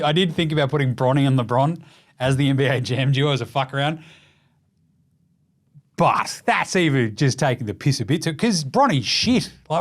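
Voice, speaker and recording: Australian man on a sweary sports rant. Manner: profane, blunt and mocking; gets loud and high when ranting. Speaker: basketball show host. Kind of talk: casual sports commentary rant.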